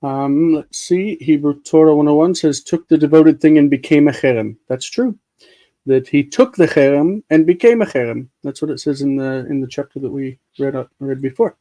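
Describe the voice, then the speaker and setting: A man hosting a live-streamed Hebrew study group, patiently explaining grammar and sounding words out slowly. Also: fairly high pitch, dark tone, rough recording. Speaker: host leading a live Hebrew reading group.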